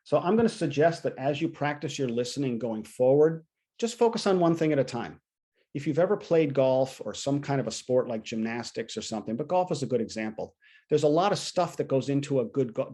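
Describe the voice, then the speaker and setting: A man's voice: mid-range voice, mellow. A man coaching agents in a training session on listening, conversational, acting out what clients might say. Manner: conversational, acts out client quotes.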